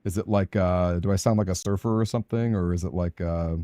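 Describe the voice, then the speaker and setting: A man's voice: sits low, steady tone, brisk, warm tone, no echo. A man with a Southern Californian accent, chatting in a rambling, casual way with his live-stream audience while he plays a game. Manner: chatty, rambling, answers chat aloud.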